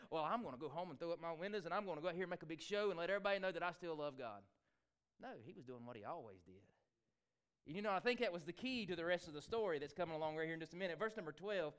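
A male preacher delivering a sermon, swinging between loud exclamations and hushed asides. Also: fairly high pitch, smooth.

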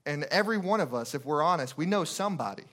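A man's voice: on the high side, animated, fast, a bit bright. Urgent, emphatic male preacher. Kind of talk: sermon with storytelling.

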